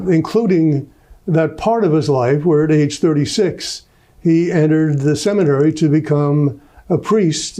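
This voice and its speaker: Man, talk-show host, raised pitch, warm tone, wry, halting delivery. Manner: wry, amused, halting with fillers.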